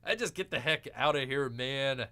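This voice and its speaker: A man's voice: medium pitch, moderate pace, pushed and bright, pitched below the performer's own voice. A man voicing a blustery male bear character who hosts a comedic show and talks in a folksy way with lots of fillers. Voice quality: folksy, blustery, keeps saying "people".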